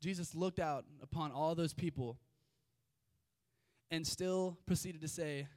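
A man's voice: fairly high pitch, unhurried, a little mellow, no echo, studio quality. A young man preaching a casual sermon, reading scripture with chatty, informal asides. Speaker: youth preacher.

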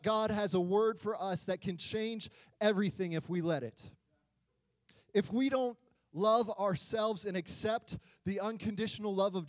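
High-voiced, animated male pastor. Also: no room sound. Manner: animated and joking, swinging between loud and quiet. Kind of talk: sermon.

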